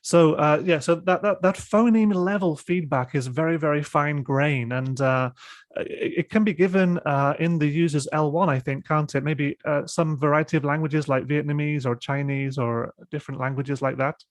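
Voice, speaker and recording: British man hosting a webinar, fairly high voice. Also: moderate pace, no room sound. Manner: hesitant, many fillers and restarts. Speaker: host. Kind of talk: webinar discussion and demo.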